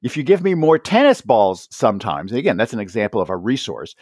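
A man's voice: mid-range voice, fast, few pauses, dry recording, studio quality. A man being interviewed as an author on teaching, talking conversationally and often checking in with "right?". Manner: animated, acts out quoted voices, frequent "right?" tags. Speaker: author and education guest.

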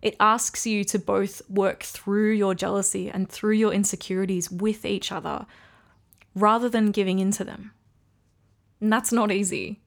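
A woman's voice: medium pitch, fairly even intonation, measured pace, gravelly. A woman hosting a solo podcast, talking candidly and reflectively about her relationship, with frequent ums. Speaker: podcast host. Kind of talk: casual solo podcast talk.

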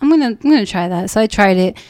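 A woman's voice: mid-range voice, expressive, very fast, darkish tone. A woman chatting on a podcast, talking earnestly and with feeling, laughing often and repeating words as she goes. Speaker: podcast guest, self-love brand founder. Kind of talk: casual heartfelt podcast chat.

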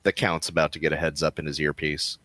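A man playing a tabletop role-play game, chatting in a relaxed, musing way. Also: very deep voice, fast talker, no room sound. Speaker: player. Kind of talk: casual chat while playing a tabletop game.

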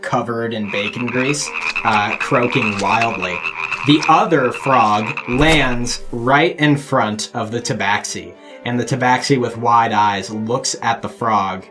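Laughing game master narrating a tabletop game. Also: mid-range voice. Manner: laughing often, animated narration.

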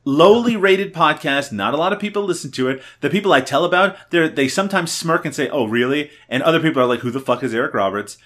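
Fast and with few pauses, this thirtysomething podcast host jokes around and pokes fun at himself in casual comedic chat. His voice is a little high and a bit bright.

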